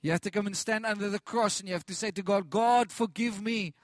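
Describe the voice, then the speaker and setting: A man's voice: sits high, steady tone, fast, dry recording. A man preaching a sermon with passion, repeating phrases, restarting lines and calling out to the congregation.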